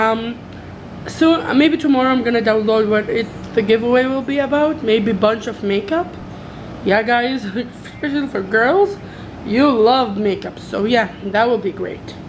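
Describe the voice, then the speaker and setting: A young woman talks to her viewers in a relaxed home vlog, stumbling through fillers and restarts. Her voice sits fairly high. The home recording carries a clear layer of background noise. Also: poor audio. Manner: hesitant, many fillers and restarts. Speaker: vlogger. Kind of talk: casual vlog chat. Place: home bedroom with window open.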